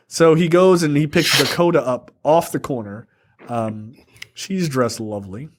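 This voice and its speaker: A man's voice: on the high side, a little slow. A man co-hosting a casual film review podcast, recapping the plot in a rambling, profane way. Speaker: podcast co-host.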